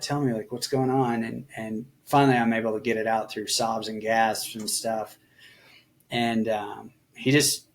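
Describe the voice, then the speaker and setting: A man's voice: fairly low pitch, slight background noise. A middle-aged man, a veteran guest on a podcast, telling personal stories candidly and reflectively, with lots of filler words and small voice shifts when he quotes people. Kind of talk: personal storytelling in a casual conversation.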